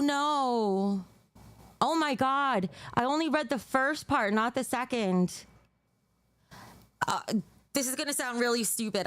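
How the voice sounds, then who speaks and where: A woman's voice: a little high, a bit bright, smooth, no room sound. Nauseous woman streamer, sighing and apologetic. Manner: rambling, apologetic, swears, breaks into awkward giggles. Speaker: livestreamer reading chat donations. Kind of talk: casual livestream chat.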